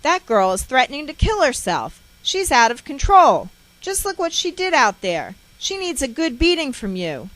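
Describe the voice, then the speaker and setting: A woman voicing a harsh mother who loudly demands her daughter be punished, high and shrill. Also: big pitch swings, normal speed, hardly any pauses, no echo, rough recording.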